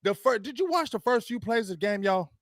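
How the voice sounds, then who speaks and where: A man's voice: high voice, animated, fairly quick, no echo, studio quality. A man hosting his own late-night show, ranting about football in a heated, mocking, slangy way. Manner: heated, mocking, barking dog noises, slangy. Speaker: show host. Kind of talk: animated sports rant.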